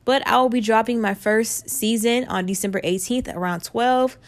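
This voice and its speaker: A woman's voice: fairly high pitch, normal speed. Upbeat woman in her twenties, podcasting. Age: 20s. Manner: chatty, upbeat and animated. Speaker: podcast host. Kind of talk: casual solo podcast chat.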